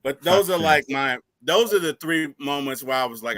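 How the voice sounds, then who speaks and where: Lively, bright-voiced man hosting. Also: fairly high pitch, moderate pace, no echo. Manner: animated storytelling, rising to excited shouts. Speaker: podcast host. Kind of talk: casual fan chat.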